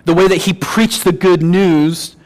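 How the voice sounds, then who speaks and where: An earnest male preacher with a Northern Illinois accent delivers a sermon, his voice sitting a little high for a man. He moves from scripture reading into storytelling, with touches of gentle humor. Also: steady tone, measured pace. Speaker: guest pastor.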